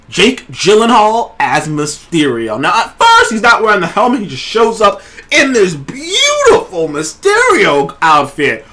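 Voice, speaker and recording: A man hosting a casual trailer review show, talking in an excited, rambling way and swearing freely. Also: sits high. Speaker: show host.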